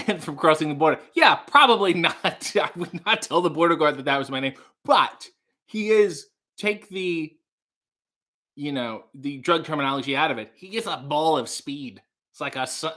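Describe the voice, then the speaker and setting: A man in his thirties hosts a casual livestream, reading viewer comments aloud and riffing on them. His voice sits a little high and sounds bright and forceful. He rambles and drops playful mock-grand asides. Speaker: livestream host.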